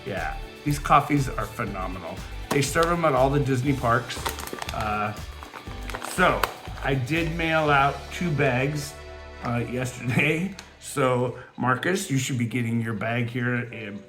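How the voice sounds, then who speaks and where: A man talks through a relaxed home vlog intro at an unhurried pace, with a quiver in his voice. He rambles, full of fillers and restarts, at a middling pitch. Soft music plays faintly behind him. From California. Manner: rambling, warm-hearted, many fillers. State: voice quivering with emotion. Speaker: beading channel host. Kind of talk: casual chatty vlog intro. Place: home, near a fountain and wind chimes.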